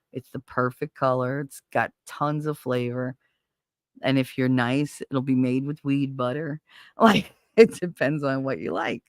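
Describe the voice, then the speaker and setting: Swearing freely, a man hosts a casual live stream and talks to his audience as a blunt, animated storyteller. His voice sits at medium pitch, and the studio-quality recording has no echo.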